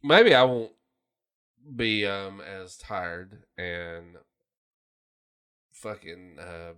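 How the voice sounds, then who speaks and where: A man's voice: deep voice, expressive, drawn-out words, a bit bright, clear, resonant tone. A man co-hosting a podcast, telling stories in a profane, rambling way. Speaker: podcast co-host. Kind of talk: casual chat.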